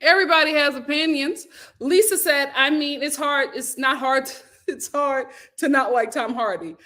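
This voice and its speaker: Chatty woman host, high bright voice. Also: moderate pace. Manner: laughs often, talks back to chat. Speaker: host reading live chat. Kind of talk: casual livestream chat.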